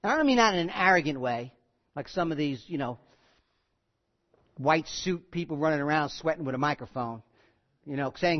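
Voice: medium pitch, brisk, pauses often, muffled recording. A pastor preaching a sermon and teaching through a Bible passage in a conversational way, repeating key phrases and asking the congregation questions. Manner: animated, asks the congregation questions.

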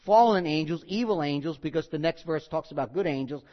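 Animated high-voiced male preacher. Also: brisk, dull audio. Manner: animated, reads scripture with rising force and wry asides. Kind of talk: sermon.

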